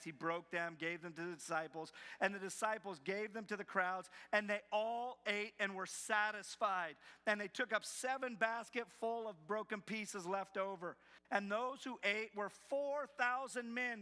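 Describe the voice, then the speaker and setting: Preaching in a church sanctuary, this male pastor slips animatedly into the voices of the doubters he's quoting. The long reverb of the hall carries his forceful, bright delivery, which sits slightly high for a man.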